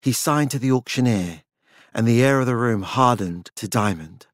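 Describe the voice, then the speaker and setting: A male narrator reads a literary short story in a measured, even way. His voice sits at an ordinary middle pitch, neither high nor low. It is recorded close and dry, with no room sound. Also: no echo. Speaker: audiobook narrator.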